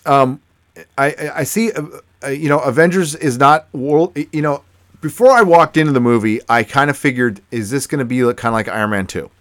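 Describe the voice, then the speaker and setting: A man co-hosting a casual movie review chat, excited and full of restarts and fillers. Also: medium pitch, brisk, dry recording, clean studio sound. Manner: animated, many restarts and fillers. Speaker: podcast co-host.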